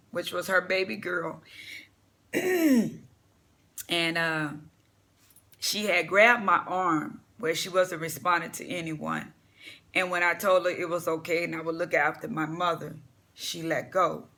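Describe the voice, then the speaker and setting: A man's voice: a little high, little pitch movement, measured pace, pauses often, bright, forceful tone. A man giving casual vlog commentary, blunt and profane, rambling with fillers and telling a personal story. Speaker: vlogger.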